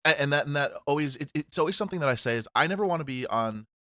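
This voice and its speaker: A man's voice: a little high, lively intonation, very fast, no room sound. Male podcast co-host, rambling casual chatter, dry close sound. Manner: rambling, swears, laughs loudly. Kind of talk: casual chat.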